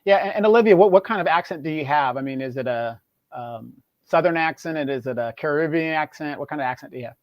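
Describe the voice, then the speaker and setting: A man's voice: a little high, fast, no echo. A man co-hosting a casual live chat. He talks in a chatty way and restarts his sentences often. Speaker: co-host. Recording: dry, dull lo-fi sound.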